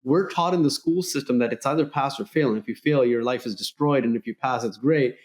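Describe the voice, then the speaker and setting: A middle-aged man hosting an interview podcast, speaking in an earnest, motivational way. His voice sits at an ordinary middle pitch, and he brings remembered conversations to life with lively emphasis. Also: fairly quick. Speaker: podcast host.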